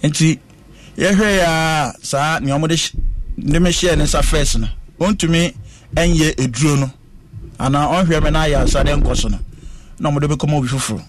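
A man's voice: a little high, moderate pace, a little hiss or hum. Earnest man telling his story. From West Africa. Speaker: interviewee. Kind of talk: recounting a personal ordeal in conversation.

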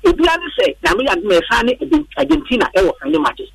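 A man with a Ghanaian accent, rambling in animated radio sports talk and mixing in Twi, with a distant phone-line sound. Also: extremely high pitch, rapid-fire, gravelly, slightly rough, no room sound. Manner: rambling, mixes Twi and English, laughs often.

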